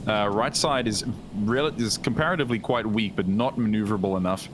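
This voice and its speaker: A man's voice: on the low side, brisk, noisy background. A man doing casual live commentary on a game match, laughing often and cheering the action on.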